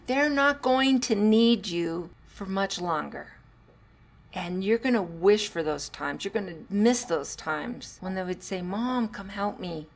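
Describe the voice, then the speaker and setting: A woman's voice: mid-range voice, a bit bright. A middle-aged woman hosting a solo parenting podcast. She talks earnestly, coaches her listeners and sometimes acts out what a parent would say. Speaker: podcast host.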